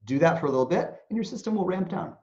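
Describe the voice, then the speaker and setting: Animated man explaining, lo-fi sound. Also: high voice, fast talker. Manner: animated, acts out anxious inner voices. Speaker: interview guest, mindfulness teacher. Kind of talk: explanatory interview talk. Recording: dull lo-fi sound.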